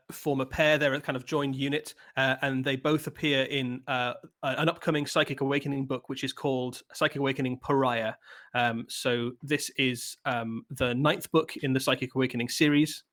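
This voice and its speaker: A man's voice: mid-range voice, steady tone, moderate pace, a bit bright. A man presenting product previews on a live stream, talking with many ums, uhs and restarts.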